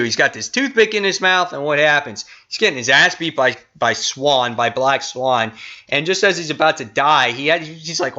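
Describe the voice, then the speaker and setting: A man hosting a casual comic review vlog, excitable and rambling. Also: mid-range voice, normal speed, dull audio.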